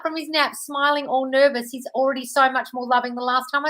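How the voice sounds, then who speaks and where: A woman's voice: high voice, steady tone, fast talker, few pauses, a bit bright, low-quality recording. A woman hosting a live question-and-answer stream, reading out viewer comments and answering them with effusive praise and frank, sometimes sweary advice, calling everyone darling. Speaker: manifestation coach host.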